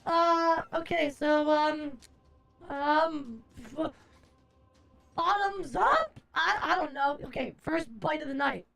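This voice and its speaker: A woman's voice: sits high, slow, vocal fry, fairly bright tone. A young adult woman streamer chatting casually on a live stream, rambling, exasperated and profane as she answers her chat.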